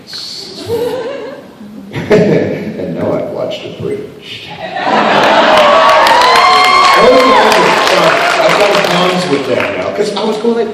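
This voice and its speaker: A man from Canada joking with the audience at a convention panel Q&A and breaking now and then into shouts. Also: sits high, wildly swooping pitch, extremely slow, long pauses. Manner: joking, shifts into bursts of shouting. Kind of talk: lively convention Q&A banter. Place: large convention hall. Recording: echoey convention hall, distant mic, loud crowd. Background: audience noise and cheering.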